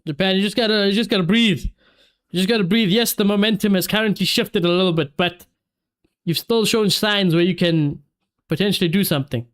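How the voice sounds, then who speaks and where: Male streamer, high voice, excitable live football watchalong host. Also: brisk. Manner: excitable, reacts to play and reads viewer comments aloud. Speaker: streamer hosting a match watchalong.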